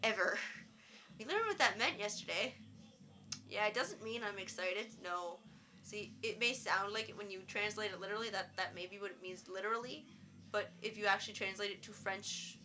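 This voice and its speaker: A woman's voice: mid-range voice, moderate pace, pushed and bright, a little hiss or hum. A teenage girl, chatting casually in a video journal, rambling with lots of fillers. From Canada. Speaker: vlogger.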